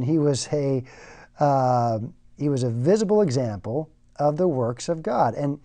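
A man's voice: on the high side, warm tone. A man preaching a sermon in a conversational way, often repeating words as he goes.

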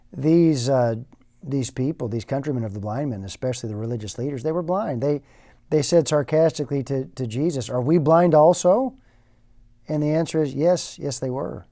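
Man preaching, sermon, conversational, repeats words, mellow voice. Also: medium pitch.

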